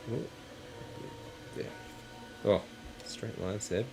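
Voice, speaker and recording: A man's voice: fairly low pitch, animated, measured pace. A man hosting a casual live stream while crafting, chatting in a rambling, self-correcting way. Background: faint background music.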